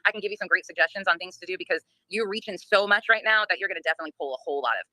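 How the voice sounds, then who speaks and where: A woman's voice: fairly low pitch, racing, pushed and bright, no echo, clean studio sound. Blunt, foul-mouthed woman streamer. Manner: blunt, profane, laughs often. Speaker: livestream host. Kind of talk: casual livestream rant.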